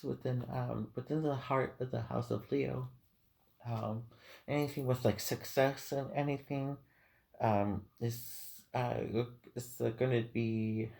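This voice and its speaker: Slow, gravelly-voiced man reading tarot. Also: medium pitch, a little mellow. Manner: hesitant, many ums, heartfelt and emotional. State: teary-eyed. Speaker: tarot reader. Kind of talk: unscripted tarot reading monologue.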